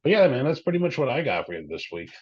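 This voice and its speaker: A man's voice: medium pitch, very animated, rapid-fire, slightly rough, dull audio. A man co-hosting a wrestling podcast, chatting casually in a laid-back, agreeable way with mostly short replies. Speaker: podcast co-host.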